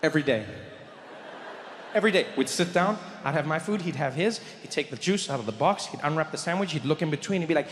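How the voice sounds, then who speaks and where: A man telling an animated stand-up story on a theater stage. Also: a little high, fast, a little hiss or hum. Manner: animated, acts out the voices of others. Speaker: stand-up comedian. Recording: echoey live theater hall.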